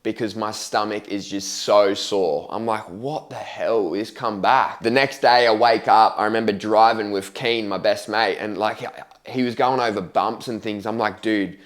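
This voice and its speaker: A young man speaks to camera in a casual storytelling way, his voice sitting a little low. He is candid and slangy, swears freely, and acts out what he said and thought at the time. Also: fairly even intonation, normal speed. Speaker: vlogger telling his life story.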